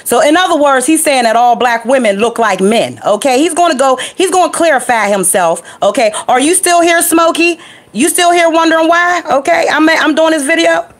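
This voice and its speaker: A woman's voice: sits high, moderate pace. A woman giving reaction commentary in a sassy, scolding, repetitive way. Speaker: video blogger.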